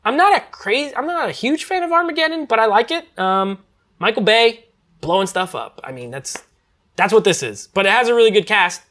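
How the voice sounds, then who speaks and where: A man's voice: high voice, fairly quick. Casual man rambling about movies. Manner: relaxed, rambling, many fillers and restarts. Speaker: movie reviewer. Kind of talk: casual chat.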